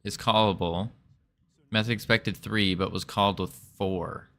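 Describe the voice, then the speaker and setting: This fairly low, creaky voice has a fairly bright tone, fairly even intonation and an unhurried pace. The man mutters while reading code on a live stream of his game development, joking at his own expense in laid-back coding commentary.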